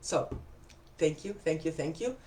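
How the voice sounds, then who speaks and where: A woman's voice: sits low, expressive, a little slow, dark tone, roomy sound, a little hiss or hum. A woman hosting a casual live stream, chatty and enthusiastic as she thanks viewers by name and answers their comments. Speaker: live stream host selling essential oils.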